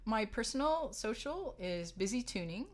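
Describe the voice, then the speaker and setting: A woman's voice: fairly high pitch, very animated, normal speed. A middle-aged woman, a harpist guest, telling stories in a casual interview, chatty and laughing often as she quotes others.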